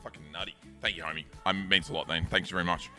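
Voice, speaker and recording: Aussie streamer guy rambling casually, swears a lot, bright voice, a little music behind. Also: low voice, steady tone, quick pace. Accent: Australian. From Australia. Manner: laid-back, swearing, rambling storytelling.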